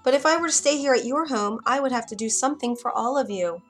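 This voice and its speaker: A woman voicing a sweet, kind young princess with a gentle, polite manner in a storybook reading. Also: high voice, fast talker, soft background music, close to an everyday voice.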